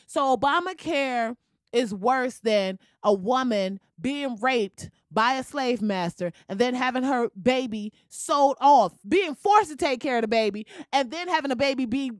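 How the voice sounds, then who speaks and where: A woman's voice: high-pitched, animated, a little slow, no echo, studio quality. Heated profane woman ranting. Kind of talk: profane rant.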